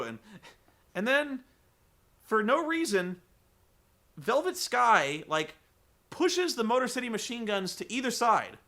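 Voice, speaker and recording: A man recapping a wrestling show for comedy, rambling and incredulous, swearing and acting out the quotes loudly. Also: high voice, sing-song, normal speed.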